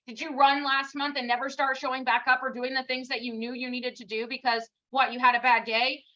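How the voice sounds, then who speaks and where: A woman's voice: high-pitched, sharp tone, muffled recording. A woman giving a casual motivational talk on a live stream, blunt and scolding, firing off rhetorical questions and swearing casually. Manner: swears casually, self-mocking. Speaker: team leader giving a live pep talk.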